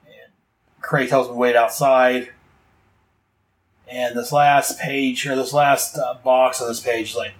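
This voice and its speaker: A man hosts a laid-back comic review, walking page by page with rambling asides and fillers. His voice sits at an ordinary middle pitch. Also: little pitch movement, measured pace, long pauses, poor audio. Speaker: comic book podcast host.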